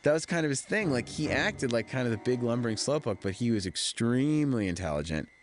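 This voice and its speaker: A male film director talks through a DVD commentary at an ordinary mid pitch, spinning lively anecdotes and slipping into voices for the people he quotes. A faint hiss of noise sits under the studio mic. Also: brisk. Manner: animated anecdotal storytelling, mimicking others in quoted dialogue.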